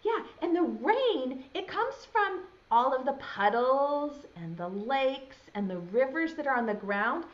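A woman teaching preschoolers, reciting a rhyme slowly and urging the children to say it back. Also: high voice, big pitch swings. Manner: exaggerated encouraging, prompts children to repeat. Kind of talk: children's lesson, slow sing-song recitation. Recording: dull lo-fi home video sound.

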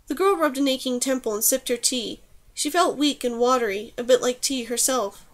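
A woman reading fiction aloud as an audiobook narrator, steady and even. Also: high-pitched, normal speed. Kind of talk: scripted narration.

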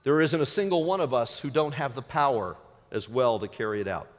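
A man preaching a sermon as pastor, dynamic, often dropping to a hushed low voice for emphasis. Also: animated, fairly quick. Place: church sanctuary. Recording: reverberant church sanctuary.

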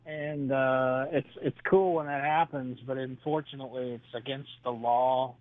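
A man who is a stand-up comedian telling his act in an interview, halting and full of "uh"s, chuckling between jokes. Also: medium pitch, fairly even intonation, dry recording. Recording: dry tinny phone line.

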